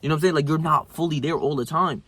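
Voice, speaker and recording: A young man talking casually into the camera, telling a story full of slang and swearing, and he gets animated when he acts out scenes. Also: fairly high pitch, very fast, breathy edge, dry recording. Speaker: self-improvement vlogger.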